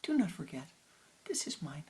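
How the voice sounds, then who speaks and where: A woman as a calm wise old grandfather. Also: low voice, moderate pace, breathy edge, exaggerated voice. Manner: gentle, firm.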